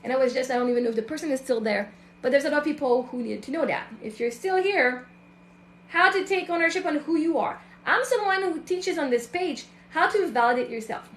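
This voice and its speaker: A woman's voice: high voice, lively intonation, fairly quick, fairly bright tone, reverberant, slight background noise. A woman, a self-love and mindset coach, talking casually and emphatically to her online audience. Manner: emphatic, acts out other people's voices.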